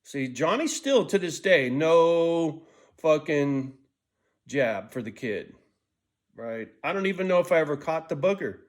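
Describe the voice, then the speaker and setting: Very animated and talking at a normal speed, a sixty-year-old vlogger with a slightly high voice delivers a profanity-laced, rambling monologue. He hops between ideas restlessly, with frequent stumbles and restarts.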